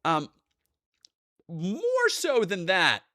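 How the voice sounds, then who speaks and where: A man's voice: high-pitched, drawn-out words, dry recording, clean studio sound. A young man streaming live, talking casually with lots of swearing and rambling asides. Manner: profane, animated, rambling.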